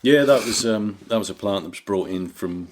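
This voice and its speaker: A man's voice: lowish voice, moderate pace. A man co-hosting a comedy podcast, rambling casually and swearing freely as he laughs along. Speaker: podcast co-host.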